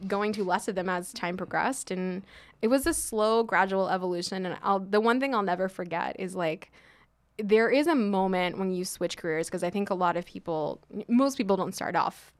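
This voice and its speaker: Brief: thirties woman, sommelier guest, lively chatty storyteller, mid-pitched, heavy filler words. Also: moderate pace. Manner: chatty, animated, many "like" fillers, laughs often. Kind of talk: casual interview storytelling.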